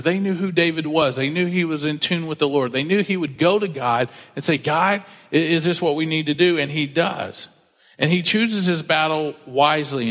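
Conversational pastor in a reverberant hall. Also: male voice, fairly high pitch, sharp tone. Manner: conversational, joking asides, acts out quotes. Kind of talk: sermon.

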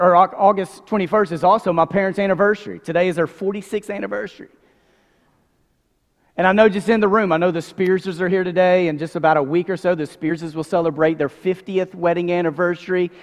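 A man in his forties preaching a sermon, conversational with many asides, dropping soft and low when reading scripture. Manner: conversational, frequent "like", softens to near whisper on scripture. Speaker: pastor. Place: church sanctuary. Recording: long hall reverb.

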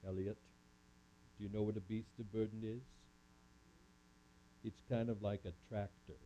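A man's voice: on the low side, flat delivery, moderate pace, dark tone, slight background noise. A man giving a first-person dramatic monologue as a camp speaker, talking with an audience volunteer in a theatrical way. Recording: muffled lo-fi recording.

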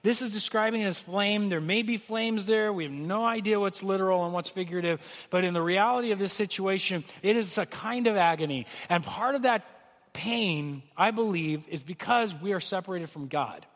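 Male pastor, earnest sermon delivery, high voice, recorded in a reverberant church hall. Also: moderate pace, a bit bright. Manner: earnest preaching, acts out pleading quotes.

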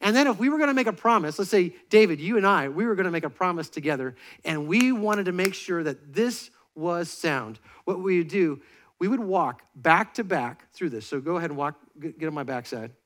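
Lively pastor, slightly high voice. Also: male voice, fairly quick. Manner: lively, joking, directs volunteers on stage. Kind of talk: sermon with on-stage demonstration. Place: church stage before a congregation.

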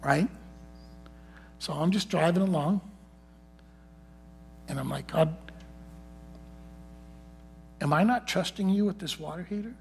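A man's voice: sits high, slow pace, creaky, long pauses, a little hiss or hum. A man preaching a sermon, telling a personal story and often dropping his voice to near whispers.

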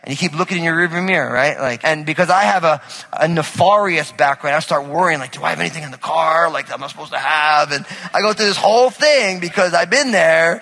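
A man's voice: fairly high pitch, bright, forceful tone, in a large hall, poor audio. A male pastor giving a sermon in a conversational style, often asking the congregation questions. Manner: conversational, asks the audience questions.

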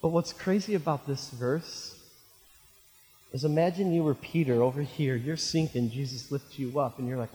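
A man in his thirties, a pastor preaching a sermon, asking the congregation questions and swinging between loud outbursts and quiet, hushed lines. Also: mid-range voice, normal speed. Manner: preaching with call-and-response questions, voice swinging from shouts to near hush. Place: church sanctuary. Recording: long hall reverb of a church.

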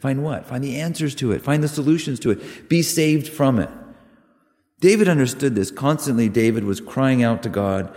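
A man preaching a sermon, earnest and emphatic, with sudden loud rises on key words. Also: mid-range voice, expressive, moderate pace. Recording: long reverb of a hall.

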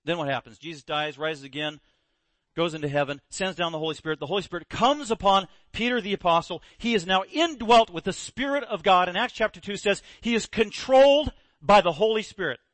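A man's voice: high voice, brisk, dry recording. A man preaching a sermon, telling a story with energy and acting out the quoted voices. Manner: animated storyteller, acts out quotes. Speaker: pastor.

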